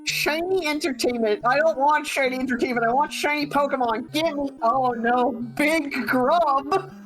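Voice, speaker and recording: A woman chatting as a guest on a retro gaming stream, playful with quick quips. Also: high voice, soft background music, poor audio. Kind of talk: casual group chat while gaming.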